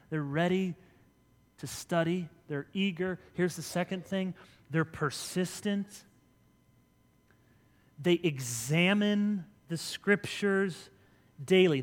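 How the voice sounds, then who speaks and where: Male pastor, bright higher-set voice, conversational sermon in a reverberant church hall. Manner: conversational preaching, swings from loud to soft. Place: church sanctuary.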